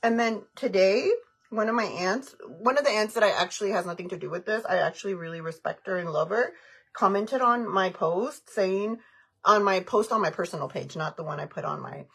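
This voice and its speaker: A woman talks to her livestream viewers in a frank, heated and rambling way. Her voice is husky and mid-pitched. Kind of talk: casual livestream chat, answering comments.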